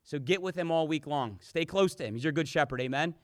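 A pastor giving an impassioned sermon, his delivery swinging between loud, emphatic declarations and hushed, intimate lines. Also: a little high, fast talker, no room sound, clean studio sound.

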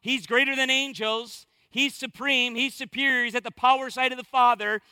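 A man preaching with a strikingly high, bright voice. He speaks emphatically and conversationally, stacking short repeated phrases. The sound is dry and close. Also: steady tone, moderate pace, clear, resonant tone, no echo. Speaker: pastor. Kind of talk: sermon.

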